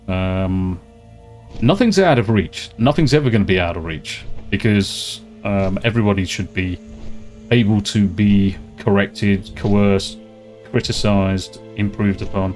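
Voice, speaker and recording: A man's voice: on the low side, unhurried, darkish tone, faint music behind. A British man streaming a game, ranting and swearing freely in casual chat. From Britain. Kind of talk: casual live-stream chat while gaming.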